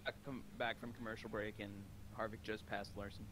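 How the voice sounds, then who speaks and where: A man's voice: lowish voice, little pitch movement, fairly quick, noisy background. A man co-commentating a live race with friends, joking and blunt in his remarks. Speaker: co-commentator guest.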